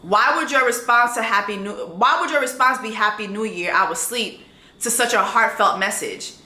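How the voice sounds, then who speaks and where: A woman's voice: on the high side, normal speed, bright, forceful tone, reverberant. A woman, telling a dating story in a vlog in a blunt, sassy way and reading texts aloud.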